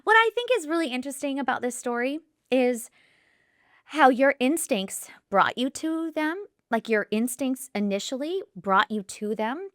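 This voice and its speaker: A woman's voice: sits high, sing-song, moderate pace, no room sound, clean studio sound. A woman co-hosting a podcast in casual chat, supportive, chiming in and laughing often. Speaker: podcast co-host.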